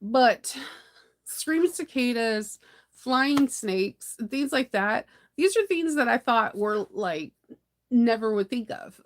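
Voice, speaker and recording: On her morning live stream, a US sewing-channel host talks in a rambling, animated, casual way, her voice a little high and her pace slow. Frequent laughter and sudden dramatic outbursts punctuate the chat.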